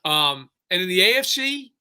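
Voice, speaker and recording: Bright-voiced excitable podcast man. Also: high voice, moderate pace, clear, resonant tone. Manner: excitable, animated rants with lots of restarts. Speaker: podcast co-host. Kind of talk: casual sports talk.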